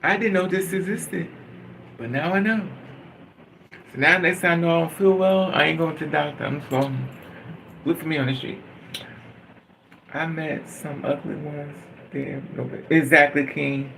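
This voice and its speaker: A man's voice: fairly high pitch, moderate pace, gravelly, long pauses, a bit bright, a little hiss or hum, poor audio. A man vlogging in a candid emotional monologue, blunt and profane, venting with bitter humor.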